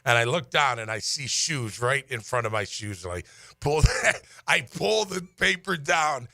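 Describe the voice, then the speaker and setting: A middle-aged man, a former player, tells a story in a casual, animated way and acts out the people he quotes. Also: normal speed, vocal fry, no echo. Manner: animated, acts out quotes with big pitch swings. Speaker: former player telling a story on sports radio.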